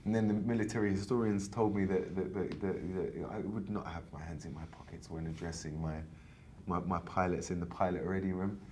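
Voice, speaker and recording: A man from England in his thirties, working as an actor, talks a little fast in a low voice. The setting is a casual interview chat, where he tells stories with animation and many restarts.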